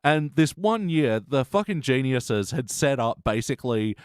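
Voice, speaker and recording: A man's voice: mid-range voice, big pitch swings, normal speed, clear, resonant tone, dry recording, studio quality. A man co-hosting a podcast, telling loose stories with casual swearing and frequent laughs. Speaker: podcast co-host. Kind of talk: casual chat.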